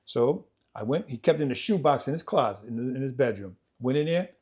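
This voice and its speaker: Man retelling a hard childhood story. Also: a little fast. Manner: vivid, repetitive retelling that acts out family members' voices; swings between loud, animated stretches and quiet, low passages. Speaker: podcast host telling his life story. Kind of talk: personal storytelling in conversation.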